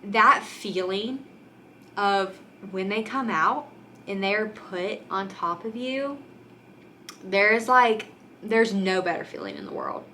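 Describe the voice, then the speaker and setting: A woman's voice: medium pitch, takes it slowly, sharp tone, slight background noise. A young woman vlogger talking candidly to the camera in a casual, chatty way, full of "like" and "um", close to tears at times. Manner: candid and chatty, many fillers like "like" and "um".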